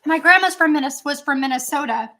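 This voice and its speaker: A chatty woman with a high, bright voice rambles through a casual tasting chat at home. She leans on fillers as she talks. Her voice sounds strained and not at its best. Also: a little fast. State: voice strained, not great right now. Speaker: channel host.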